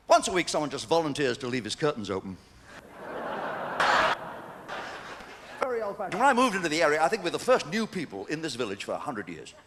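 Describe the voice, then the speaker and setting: A man's voice: fairly high pitch, fairly bright tone, long reverb tail. An older English man doing a stand-up comedy routine, chatty and cheeky, chuckling between jokes. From England. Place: theatre stage with a live audience. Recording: noisy 1990s VHS stage recording.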